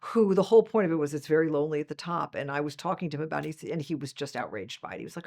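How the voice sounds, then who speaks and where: Fast-talking woman in her sixties. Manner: animated storyteller, acts out quotes with big pitch jumps. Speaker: guest, management professor. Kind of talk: conversational interview.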